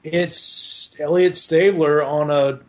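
Slightly high-voiced guy rambling on a podcast, halting, goes off on tangents. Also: fairly even intonation. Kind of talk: casual podcast chat about an animated movie.

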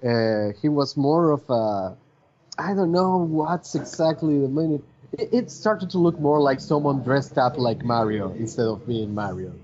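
A man's voice: mid-range voice, a little slow, a little mellow, a little hiss or hum. A man whose first language is Spanish, hosting a podcast in casual chat, rambling and hesitant with many fillers. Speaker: podcast host. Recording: dull lo-fi podcast audio.

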